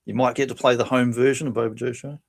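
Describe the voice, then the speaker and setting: This podcast co-host speaks quickly, his medium-pitched voice marked by vocal fry. Chatting casually, he brings comedy scenes to life, acting out lines and laughing a lot as he goes.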